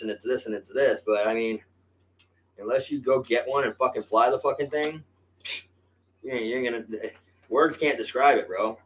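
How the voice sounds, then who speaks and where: A man's voice: medium pitch, low-quality recording. Blunt, foul-mouthed man at the workbench. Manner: blunt, heavy swearing, addresses viewers as "you guys". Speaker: RC hobby channel host. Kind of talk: casual profane workshop talk to camera.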